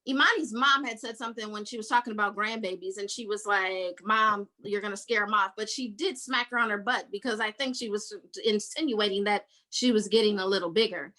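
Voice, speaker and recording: A woman's voice: on the high side, normal speed, bright, forceful tone, rough recording. A woman podcast host recapping a book in casual chat, telling the story with energy and acting out the characters' lines.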